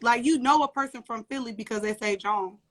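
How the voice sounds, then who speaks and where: A woman's voice: a little high, a little fast. A young woman, a guest and mother, chatting casually and laughing often on a live video call from a little corner at home. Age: young adult. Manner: laughing often, loose slangy storytelling. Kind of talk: casual interview chat.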